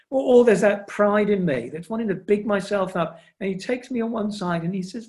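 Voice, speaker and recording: A man's voice: high-pitched, fairly quick, few pauses, darkish tone. A middle-aged man preaching a sermon to his congregation, earnest, often voicing Jesus speaking directly to his listeners. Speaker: pastor.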